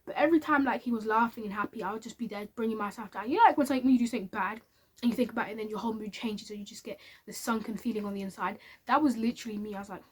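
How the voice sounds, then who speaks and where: A woman's voice: on the high side, racing, slightly rough. A woman telling a candid personal story to camera in a chatty, casual way. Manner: chatty and candid, with many fillers. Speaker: vlogger.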